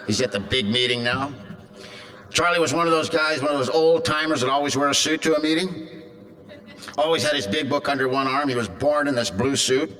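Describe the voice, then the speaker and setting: A man's voice: fairly high pitch, a little fast, bright, forceful tone. A man in his fifties from California, speaking to a convention crowd and telling a raw, darkly funny personal story. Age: 50s. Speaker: recovery meeting speaker.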